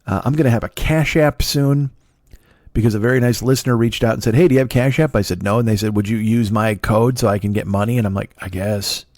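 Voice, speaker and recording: A man's voice: fairly low pitch, quick pace, darkish tone, no room sound. Man, 50s, comic podcast host; swears freely, mocks himself, drifts off topic, close dry sound. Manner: profane, self-mocking, wandering asides. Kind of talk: rambling solo comedy podcast.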